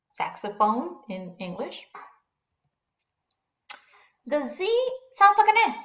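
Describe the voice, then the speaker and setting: A woman teaching beginners, drilling syllables slowly and repeating each example word twice. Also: on the high side, big pitch swings, fairly bright tone. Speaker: Spanish teacher. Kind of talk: beginner pronunciation lesson. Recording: echoey room.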